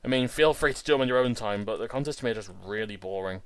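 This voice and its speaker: A man hosting a game video, giving casual, excitable commentary that stumbles over repeated words and restarts. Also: mid-range voice, rapid-fire, smooth, dry recording. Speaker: Let's Play host.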